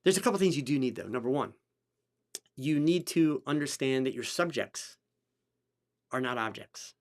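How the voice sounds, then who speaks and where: A man hosting a live photography chat, answering viewers by name and stressing points by repeating them, his pitch swinging between low, slow stretches and high bursts. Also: lively intonation. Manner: emphatic, repeats key phrases for stress. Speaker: photography podcast host. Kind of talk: live-streamed teaching chat.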